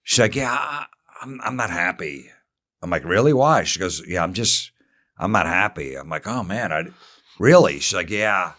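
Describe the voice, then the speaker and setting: This is a man with a fairly low voice, a comedian from New Jersey, spinning a story on a podcast. He speaks matter-of-factly and acts out both sides of the exchange as he goes. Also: lively intonation, normal speed, a bit bright. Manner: matter-of-fact, acting out both sides of the dialogue. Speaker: comedian guest.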